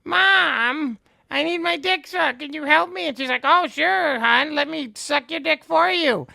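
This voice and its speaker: A man voicing a crude, boastful male skeletal villain sorcerer in a vulgar trash-talking rant, with a shrill gravelly cackle. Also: unhurried, bright, forceful tone, no echo, clean studio sound, exaggerated voice. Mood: gloating, vulgar.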